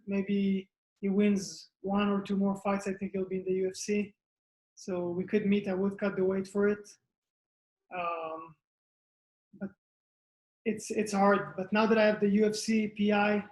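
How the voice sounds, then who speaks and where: A man's voice: high voice, darkish tone. A man, a fighter answering interview questions in plainspoken short phrases. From Israel. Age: 20s. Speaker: mixed martial arts fighter. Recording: echoey room.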